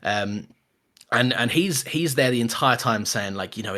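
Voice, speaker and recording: A man's voice: mid-range voice, unhurried. A man co-hosting a podcast, chatting casually about a film with lots of restarts and laughter. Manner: animated, laughs often, many restarts. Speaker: podcast co-host. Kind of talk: casual film review chat.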